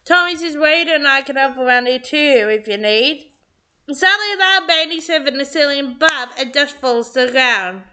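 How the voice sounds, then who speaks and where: A woman's voice: high voice, normal speed, bright, forceful tone. A young woman reads a script aloud and reacts to it, gushing, tearful and laughing often. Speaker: fan reading and reacting to a script. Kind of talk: excited reaction vlog, reading a script aloud.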